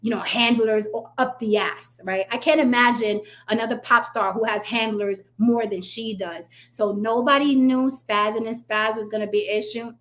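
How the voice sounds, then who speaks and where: A woman's voice: a little high, steady tone, normal speed, hardly any pauses, fairly bright tone. A woman hosting her own commentary channel, ranting bluntly and sarcastically, swearing freely and talking straight to her viewers.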